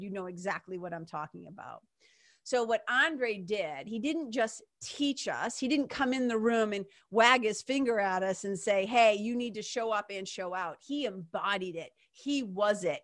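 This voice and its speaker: A woman's voice: medium pitch, dry recording, clean studio sound. Gushing woman podcast host. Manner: animated, gushing, fast bursts, casual swearing. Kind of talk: excited solo podcast storytelling.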